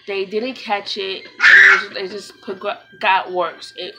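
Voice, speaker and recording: A young woman from New York talking in a casual personal vlog, subdued and halting, with many fillers and restarts. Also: mid-range voice, level tone, loud music behind the voice, poor audio. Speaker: vlogger, mother.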